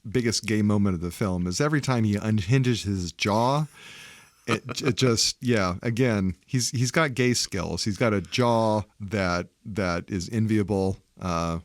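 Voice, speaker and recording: A man's voice: lowish voice, unhurried, no echo, clean studio sound. A man co-hosting a casual movie podcast, often agreeing and repeating words as he starts his sentences. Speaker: podcast co-host.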